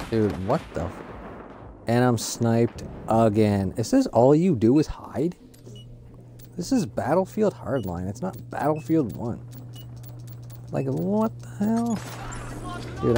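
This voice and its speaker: A man's voice: medium pitch, vocal fry, background noise. Male gaming host, mid-range voice, exasperated swearing commentary over game gunfire. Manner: frustrated, swearing, exasperated outbursts. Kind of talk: live gameplay commentary. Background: gunfire and explosions from the game.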